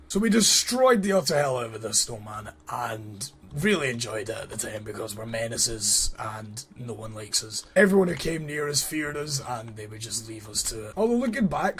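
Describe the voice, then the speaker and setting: A young man, telling a storytime anecdote over gameplay and reacting to the game as he goes. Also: mid-range voice. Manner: animated, breaks off to react to the game. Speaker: gaming storyteller. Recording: background music under voice.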